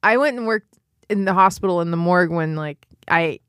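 A woman's voice: on the low side, brisk, fairly bright tone, clean tone, no echo, studio quality. A woman co-hosting a comedy podcast, telling rambling, profane stories in casual chat. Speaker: podcast co-host.

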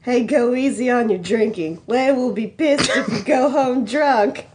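A woman's voice: on the high side, unhurried, darkish tone, slight background noise, natural voice. A woman reading as a fretful young hero. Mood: worried. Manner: fretful, uneasy. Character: uneasy young male farm-boy hero. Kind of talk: comic fan fiction read-aloud.

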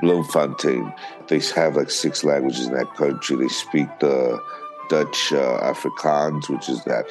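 A man's voice: rumbling low, measured pace, over music. A man co-hosting a podcast, rambling loosely in casual chat with profanity. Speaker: podcast co-host.

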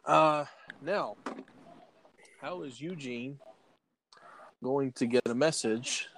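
A man's voice: medium pitch, a bit bright, a little hiss or hum, rough recording. Sleepy guy running the game, lots of ums and uhs, keeps restarting, medium voice. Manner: halting, many fillers and restarts. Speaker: game master. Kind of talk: running a tabletop game over a call.

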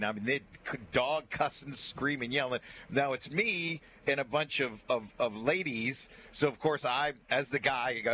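Animated man telling a story. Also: medium pitch, a little hiss or hum. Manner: animated storyteller, acts out quotes with laughs. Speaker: radio show regular. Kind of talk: storytelling on a radio show.

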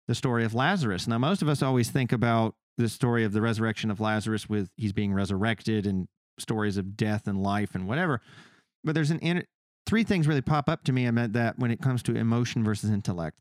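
A man's voice: on the low side, no echo, studio quality. A man co-hosting a podcast in a casual faith discussion, talking animatedly and acting out the people he quotes. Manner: animated, acts out quoted speakers in his retelling. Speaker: podcast co-host.

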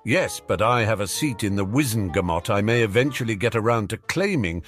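A man's voice: on the low side, expressive, fairly quick, a bit bright, soft background music. Man voicing a cheeky, wry teenage wizard. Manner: sardonic, breezy.

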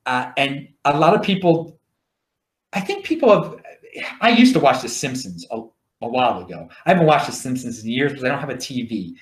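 A man's voice: medium pitch, brisk, roomy sound. A man with a Baltimore accent hosting a podcast, telling stories in a rambling, jokey way with many restarts. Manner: animated, repetitive restarts, jokey asides. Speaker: podcast host. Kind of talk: casual rambling monologue.

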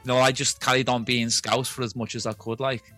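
A man chatting on a podcast, telling animated stories, laughing often and slipping into accents. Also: medium pitch, fairly quick, faint music behind. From family from Liverpool. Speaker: podcast guest. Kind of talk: casual podcast chat.

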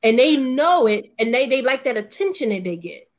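A woman's voice: high-pitched, big pitch swings, normal speed. A woman talking bluntly and emphatically in a casual panel discussion, swearing freely and mimicking others' lines.

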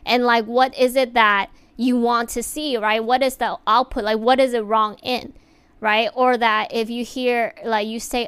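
A woman's voice: a little high, moderate pace, clear, resonant tone, no room sound. Chatty woman giving workplace advice. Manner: chatty, many fillers, animated emphasis. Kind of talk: casual advice talk to viewers.

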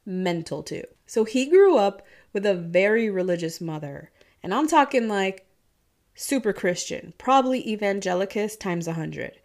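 A woman with a Midwestern American accent blended with a Southern twang tells a true-crime story casually and chattily, often swearing and laughing. Her mid-range voice is a little mellow, with lively intonation at a moderate pace.

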